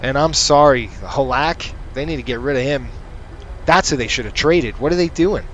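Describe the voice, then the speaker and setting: A man's voice: mid-range voice, moderate pace, fairly bright tone, a little hiss or hum, poor audio. Guy narrating his flight sim run, chatty and sarcastic, reading off checklists. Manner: chatty, rants sarcastically between checklist callouts. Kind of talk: casual gameplay commentary.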